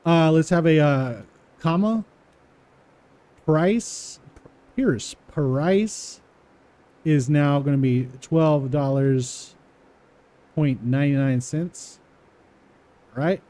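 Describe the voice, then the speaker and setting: A man walking through a coding exercise, repeating words aloud slowly as he types them and chuckling to himself. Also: fairly high pitch, dark tone. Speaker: coding tutorial presenter. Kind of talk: casual live coding walkthrough.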